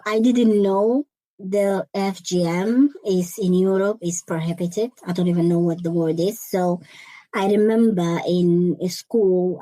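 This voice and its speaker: A woman's voice: on the low side, dark tone, no echo, low-quality recording. Earnest woman, dry close sound. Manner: earnest, halting, repeats words as she searches for them. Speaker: interview guest, life coach. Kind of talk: personal testimony in conversation.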